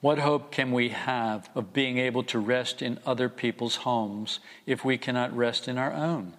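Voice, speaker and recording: A man preaching a conversational, wry sermon, often acting out the voices he quotes. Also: mid-range voice. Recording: long reverb.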